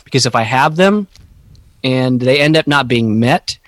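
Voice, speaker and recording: A man talking slowly and haltingly in a reflective podcast conversation, searching for his words. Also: medium pitch, expressive, dry recording.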